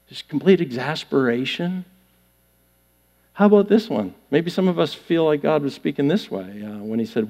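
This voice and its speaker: A man's voice: high-pitched, animated, moderate pace. A male pastor giving a conversational sermon, joking with his congregation in a church with long hall reverb.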